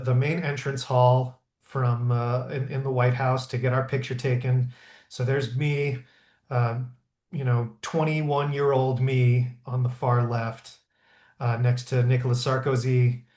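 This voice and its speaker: A man in his thirties, a historical interpreter, telling stories in a lively way with many fillers and restarts. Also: mid-range voice. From Pennsylvania. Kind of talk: conversational storytelling. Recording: roomy echo.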